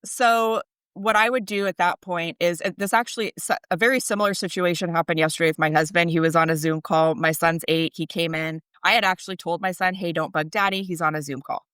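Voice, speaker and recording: A woman in her thirties speaks in a somewhat low voice, earnest and explanatory, lifting her pitch when she stresses a point. She is a parenting coach talking in a podcast interview, recorded dry and close on a microphone with no room sound. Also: a little fast, smooth, no echo. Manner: earnest and explanatory, animated rises.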